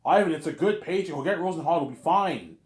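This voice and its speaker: A man's voice: a little high, lively intonation, fast talker, echoey room, lightly acted. A man voicing a pushy, greedy male business partner who insists and keeps repeating the listener's name. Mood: insistent.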